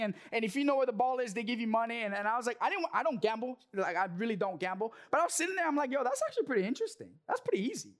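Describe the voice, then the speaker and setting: A man's voice: very high voice, a bit bright. Young man preaching a casual sermon. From Korean American. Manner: earnest, casual storytelling with jokes. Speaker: church speaker. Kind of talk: sermon with personal story.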